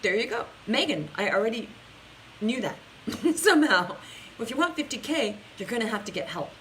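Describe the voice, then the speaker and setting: A woman's voice: on the high side, sing-song, moderate pace, a bit bright, a little hiss or hum, poor audio. A woman business coach hosting a casual live stream, chatting straight to her viewers in an upbeat, talkative way, with frequent restarts.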